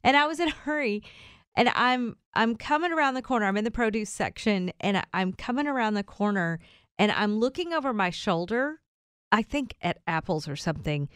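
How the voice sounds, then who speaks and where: A woman co-hosting a morning radio show, telling a funny story in casual chat, animated and often laughing as she acts out what people said. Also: mid-range voice, fairly quick, clean tone, no echo, clean studio sound.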